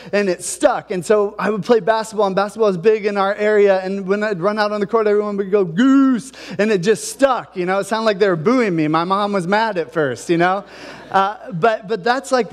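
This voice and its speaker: A male pastor from Ohio gives a relaxed, chatty sermon and keeps asking his listeners questions. His voice sits high for a man. The sound rings with the long reverb of a church hall. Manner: conversational, asks the congregation questions.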